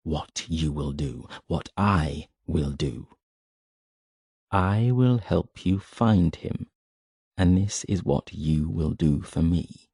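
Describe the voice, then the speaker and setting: A man voicing a cold, measured man of war, speaking slowly and with quiet menace in an audiobook reading. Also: sits low, breathy edge, no echo, clean studio sound, pitched below the performer's own voice, exaggerated voice.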